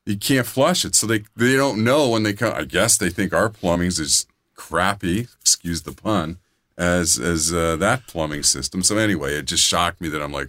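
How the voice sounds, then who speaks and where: A middle-aged man co-hosting a podcast, telling crude stories in casual chat, often trailing into low mutters. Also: moderate pace, fairly bright tone, no echo. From grew up outside California. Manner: profane storyteller, drops to low mutters. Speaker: podcast co-host.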